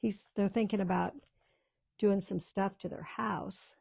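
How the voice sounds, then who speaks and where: Gravelly, chatty grandma crafting on camera. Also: female voice, mid-range voice, steady tone, unhurried, mellow, no room sound. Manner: chatty, rambling storyteller talking to viewers. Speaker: craft video host. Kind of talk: casual chat while crafting on camera. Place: small-town home.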